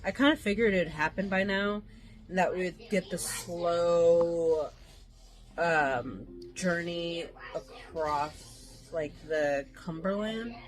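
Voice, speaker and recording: A woman's voice: lowish voice, takes it slowly, pauses often. A woman vlogging casually about a book she's reading, rambling and thinking aloud. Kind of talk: casual chat.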